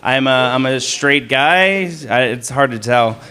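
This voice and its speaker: A man in his thirties doing a stand-up comedy set in a club, with a self-deprecating, deadpan delivery. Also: medium pitch, unhurried, background noise. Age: 30s. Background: audience laughter.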